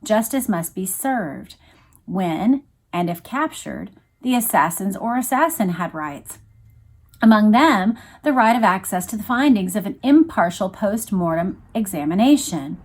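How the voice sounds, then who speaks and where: Casting: a woman reading nonfiction aloud, even mid-range voice, measured and emphatic. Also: mid-range voice, husky. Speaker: reader of a book series. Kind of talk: read-along narration of a history book.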